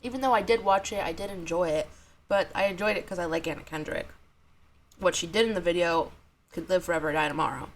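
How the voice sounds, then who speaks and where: A woman's voice: lowish voice, quick pace, slight background noise. A woman chatting frankly and animatedly about film clips. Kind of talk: casual chat about clips.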